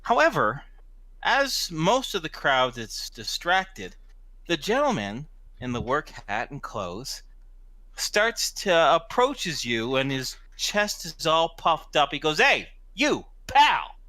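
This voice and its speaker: A man's voice: fairly high pitch, sing-song, slow, pushed and bright, no room sound. A man narrating as game master of a tabletop game, rambling with many restarts.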